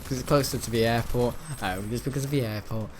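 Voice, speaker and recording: A man's voice: mid-range voice, quick pace, a little mellow, slight background noise. Giggly gamer guy. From north-west England. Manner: rambling, giggly, jokey. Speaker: gaming channel host. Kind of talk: casual gameplay commentary.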